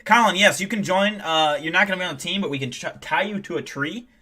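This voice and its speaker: Streamer dude telling a wild story, swears a lot, bright sharp voice. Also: male voice, high voice, quick pace. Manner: animated, profane storytelling. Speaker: live streamer. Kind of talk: casual live-stream chat.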